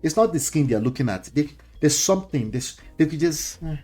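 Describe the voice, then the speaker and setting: A man's voice: on the high side, lively intonation, brisk, a little mellow, soft background music. A middle-aged man with a Nigerian accent hosting a casual commentary show, lecturing listeners with chuckles and pidgin slang mixed in. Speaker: host.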